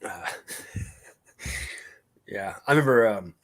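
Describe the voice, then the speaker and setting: A man co-hosts a casual live-stream chat, telling long, rambling stories packed with fillers and restarts. His voice is on the low side and animated, with drawn-out words.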